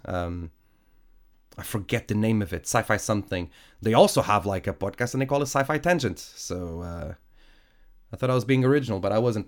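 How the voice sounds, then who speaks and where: A man with a fairly low voice and a blocked, stuffy nose talks on his own podcast. He rambles chattily, correcting himself and filling gaps with ums and uhs. His first language is Portuguese. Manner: rambling, self-correcting, chatty with frequent fillers. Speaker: podcast host. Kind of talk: casual solo podcast chat. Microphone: studio podcast microphone.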